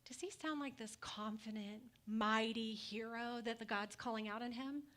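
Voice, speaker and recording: A woman's voice: a little high, moderate pace, fairly bright tone. A woman pastor preaching a sermon in a conversational way, asking the congregation questions and adding light humor.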